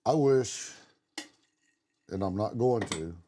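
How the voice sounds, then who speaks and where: Blunt, cursing middle-aged man, low and mellow. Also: lively intonation, slow, slight background noise. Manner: blunt, swears freely, tells long personal stories. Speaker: podcast co-host. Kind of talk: casual conversation.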